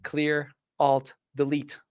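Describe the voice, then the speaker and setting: A man hosting a casual personal growth chat, telling lively stories and acting out the people he quotes. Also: fairly high pitch, takes it slowly, smooth, no room sound, clean studio sound. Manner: animated storyteller, acts out quoted voices. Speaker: host, personal growth speaker.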